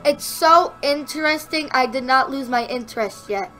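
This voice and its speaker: A woman's voice: high-pitched, normal speed, pushed and bright, soft background music. A woman chatting on a casual podcast with friends, giggly and playful. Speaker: podcast guest. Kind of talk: casual chat among friends.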